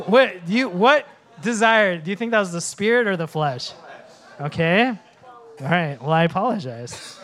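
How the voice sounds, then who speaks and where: A male pastor in his late thirties from Minnesota, preaching with self-mocking humor before a quiet, prayerful close. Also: high voice, lively intonation, normal speed. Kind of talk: sermon.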